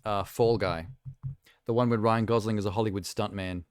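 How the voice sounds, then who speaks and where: Smooth low-voiced male streamer chatting. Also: steady tone, moderate pace, dry recording, studio quality. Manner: rambling, chatty, self-amused asides. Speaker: live streamer. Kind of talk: casual chat while reacting to trailers.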